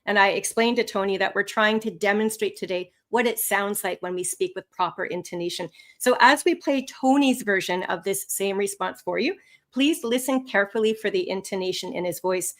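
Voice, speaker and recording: A woman instructor teaching English test skills on a live webinar, with lively, rising and falling intonation. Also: medium pitch, normal speed.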